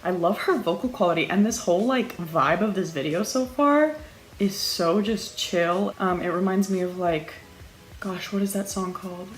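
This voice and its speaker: A woman's voice: medium pitch, normal speed, echoey room, poor audio. A woman reacting to a song with bubbly, chatty commentary.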